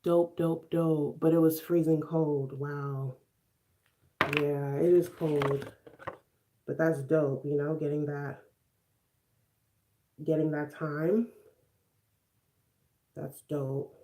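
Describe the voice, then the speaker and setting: This twentysomething Chicagoan speaks low, flat, and mellow, taking her time with long pauses while applying makeup on stream. She's chatty, laughs frequently, and reads out and replies to viewers' comments, with a little hiss or hum audible.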